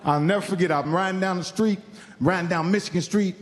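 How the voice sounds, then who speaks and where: A man from Indiana telling a profane stand-up story on stage, acting out the people in it with animated voices. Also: high voice, brisk. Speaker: stand-up comedian. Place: comedy stage in a large hall. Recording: live hall reverb, faint crowd ambience.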